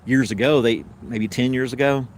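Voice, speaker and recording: A middle-aged man with a relaxed Southern American accent, chatting casually to viewers on a live stream. He rambles through stories, correcting himself as he goes, at a mid-range pitch. There is a faint hum of noise behind him. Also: moderate pace. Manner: rambling storyteller with many fillers and self-corrections; laughs easily while telling stories.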